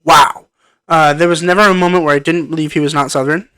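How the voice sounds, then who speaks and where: A man's voice: on the high side, fairly even intonation, fast, pushed and bright, clear, resonant tone, no echo. A man giving a casual spoken film review into a computer microphone, rambling and hesitant with frequent ums and restarts. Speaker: movie reviewer. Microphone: microphone plugged into a computer.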